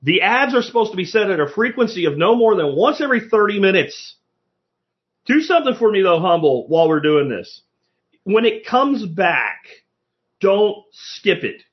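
A man with a fairly high voice hosts a casual live-stream podcast. He talks bluntly and swears freely. The audio is dull and lo-fi. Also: big pitch swings, normal speed. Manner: blunt, profane ranting. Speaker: podcast host.

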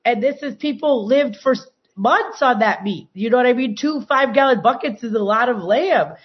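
A woman telling long, animated stories from her farm in casual talk, with many restarts. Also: a little high, normal speed. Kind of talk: casual storytelling. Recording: dull, muffled sound.

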